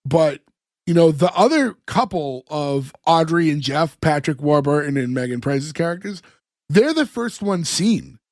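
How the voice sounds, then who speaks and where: Rambling podcast co-host, slightly high. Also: male voice, animated, a little slow, dry recording, studio quality. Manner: rambling, laughs often, many fillers. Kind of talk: casual chat recapping a sitcom episode.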